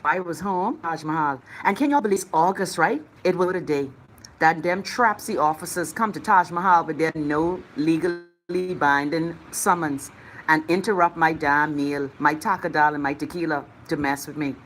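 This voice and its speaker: A woman's voice: deep voice, moderate pace, a bit bright, slight background noise. A woman with a Bahamian accent hosting a live chat show, reading out viewer comments in a sassy, blunt, swearing way.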